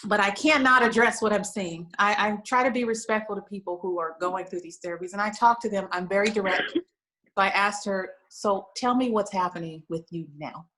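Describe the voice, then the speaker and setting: On a talk show, an American lingerie shop owner tells an emotional story in an earnest, chatty way, frequently filling pauses with "you know." Her medium-pitched voice is fairly quick with a sharp tone, and the audio is poor.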